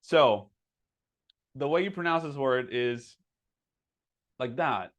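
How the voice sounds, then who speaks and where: A man's voice: mid-range voice, expressive. Chatty man teaching pronunciation. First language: Spanish. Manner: chatty, many fillers, slows down to model words. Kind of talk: casual webinar teaching.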